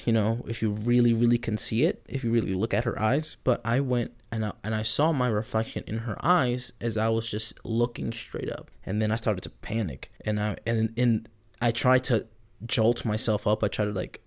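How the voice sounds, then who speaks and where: A young man in his twenties hosts a solo podcast and tells a story in a loose, rambling way, often restarting his sentences. His voice sits a little low and has a gravelly, creaky edge. He speaks into a podcast mic at his home computer. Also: normal speed. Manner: rambling, animated, with frequent restarts. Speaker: podcast host. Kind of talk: casual storytelling monologue.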